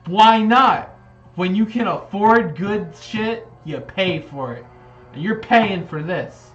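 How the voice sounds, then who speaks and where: A man voicing a high-strung grown man who collects dolls, shrill and indignant in a tabletop game. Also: big pitch swings, slow pace, pushed and bright, echoey room, highs cut off, soft background music, heavily acted. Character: high-strung adult man, doll collector, touchy and dramatic.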